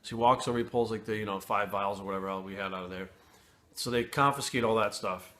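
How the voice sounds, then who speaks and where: Man, casual storytelling, heavy swearing, lowish voice, bright forceful tone. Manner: blunt and profane, frequent swearing; candid, with pauses and restarts. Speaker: fitness trainer telling a personal story.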